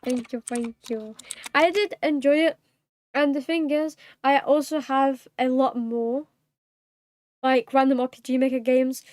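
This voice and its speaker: Bubbly high-voiced British streamer woman. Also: fairly even intonation, unhurried, a little mellow, no room sound. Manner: bubbly, giggly, apologetic, reading chat aloud. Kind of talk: casual live-stream chat.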